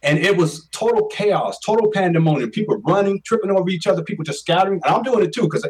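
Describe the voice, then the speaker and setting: A man's voice: high-pitched, lively intonation, fast, a little mellow, breathy edge, recorded from a distance, rough recording. A man in his forties telling a personal story as an interview guest, earnest and emphatic, often repeating his words. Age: 40s.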